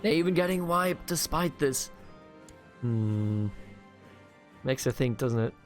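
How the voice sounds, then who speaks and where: A man from Bavaria in Germany narrates his strategy game with playful, mock-grandiose asides to its characters. His voice sits at an ordinary middle pitch for a man, and soft music plays faintly underneath. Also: expressive, takes it slowly. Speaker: gaming video host. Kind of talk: strategy game let's play commentary.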